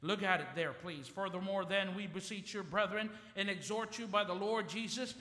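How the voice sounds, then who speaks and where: A man's voice: sits high, normal speed, pushed and bright. A man preaching a fervent sermon in church, leading the congregation in call-and-response. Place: church sanctuary. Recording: church hall reverb.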